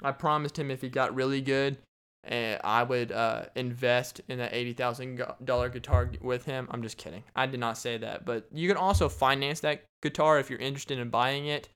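A man's voice: medium pitch, steady tone, brisk, fairly bright tone, smooth. A young man hosting a casual solo podcast, rambling and joking and laughing often. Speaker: podcast host.

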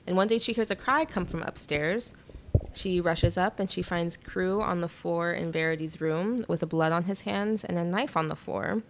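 A young woman casually retelling a novel on a chat podcast, animated, with quick asides and lots of "like". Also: fairly low pitch, a little hiss or hum.

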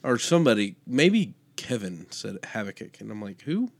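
A man's voice: mid-range voice, big pitch swings, moderate pace, gravelly, dry recording. A man co-hosting a podcast, chatting casually and cheerfully about Bible study and cracking jokes along the way. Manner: upbeat, jokey, affirming. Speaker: podcast co-host.

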